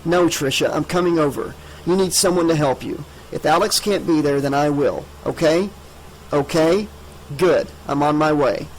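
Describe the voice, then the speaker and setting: A man's voice: a little high, moderate pace, a little hiss or hum, close to an everyday voice, low-quality recording. A man voicing a determined teenage boy who speaks with urgent intensity, in an audiobook.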